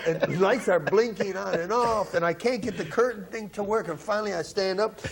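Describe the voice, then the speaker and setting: An older man, a guest in a casual interview, telling animated anecdotes and acting out what others said. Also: sits high, normal speed, vocal fry, few pauses, over a noisy crowd.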